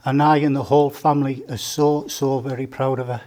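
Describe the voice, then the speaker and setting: A man's voice: mid-range voice, flat delivery, a little fast, noisy background. Father of the bride. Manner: joking, storytelling, teasing the groom. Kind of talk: wedding speech. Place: indoor wedding reception room.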